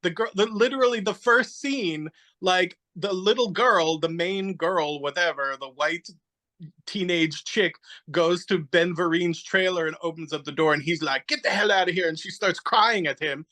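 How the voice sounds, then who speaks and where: A podcast guest chats casually, rambling animatedly through a story while searching aloud for names and acting out little quotes. His high voice is unhurried, bright, and forceful, though the recording is low quality.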